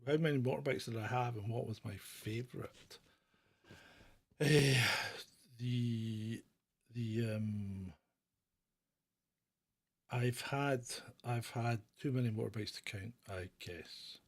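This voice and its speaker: Taking it slowly with frequent pauses, a middle-aged man from Britain speaks in a gravelly, mid-range voice. He runs a live question-and-answer session, giving viewers blunt, opinionated replies that ramble and restart.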